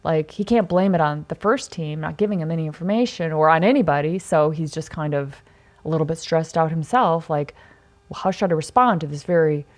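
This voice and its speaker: A woman hosting a podcast, telling a story casually in a chatty, animated way and acting out quoted dialogue. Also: low voice, brisk. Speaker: podcast host.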